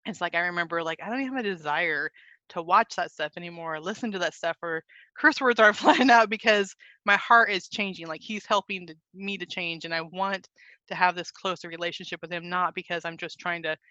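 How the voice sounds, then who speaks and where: A woman guest speaking earnestly and warmly about her faith in a casual podcast chat, often saying "like". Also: on the low side, a little fast, no room sound, highs cut off. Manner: earnest, heartfelt, says "like" often. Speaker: guest author.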